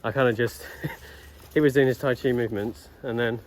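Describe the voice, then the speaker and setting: A man's voice: mid-range voice, steady tone, moderate pace, a little hiss or hum. A young man vlogging, telling a story in a laid-back, rambling way with lots of fillers and restarts. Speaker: travel vlogger. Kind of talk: casual storytelling vlog.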